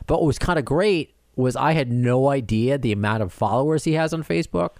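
A middle-aged podcast host tells a long story in a loose, chatty way, stumbling over his words and acting out what people said. His pitch swings widely and stays lively. The sound is dry and close, with no room echo. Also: brisk, vocal fry. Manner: animated, rambling with many restarts and quoted dialogue. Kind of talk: casual storytelling chat.

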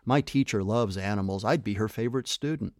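A man voicing an excitable young boy who has been turned into a worm, eager and giggly. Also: fairly low pitch, a little fast, no room sound, studio quality, natural voice. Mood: excited.

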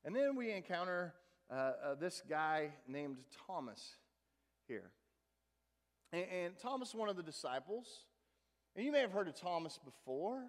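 Male pastor with a high voice: casual, folksy sermon, loud then hushed, echoing sanctuary. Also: sing-song, unhurried. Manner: conversational, with folksy asides and repeated words; swings between emphatic and hushed. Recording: long hall reverb.

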